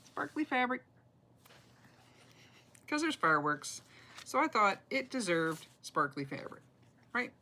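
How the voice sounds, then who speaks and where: A woman's voice: medium pitch, sing-song, measured pace, long pauses, sharp tone, poor audio. A woman, chatting casually and self-deprecatingly as she shows her cross-stitch projects, laughing often. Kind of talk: casual show-and-tell chat.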